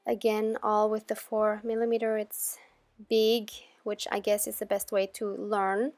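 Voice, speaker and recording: A woman hosting a crafting channel, talking viewers through her project in a chatty, relaxed voice-over. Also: medium pitch, measured pace, dry recording. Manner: chatty and relaxed, with gentle laughs. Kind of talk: casual tutorial voice-over.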